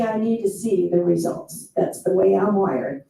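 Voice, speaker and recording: A woman's voice: medium pitch, fairly even intonation, normal speed, vocal fry, warm tone, a little hiss or hum. A woman giving an enthusiastic, playful motivational seminar talk to a live audience, breaking into quoted asides. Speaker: motivational speaker. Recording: echoey hall, speaker far from mic.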